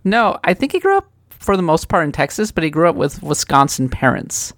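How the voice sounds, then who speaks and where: A woman's voice: deep voice, sing-song, fairly quick, no room sound. Opinionated, teasing woman co-host from Minnesota; casual chat on a dry studio mic. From Minnesota, USA. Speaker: podcast co-host.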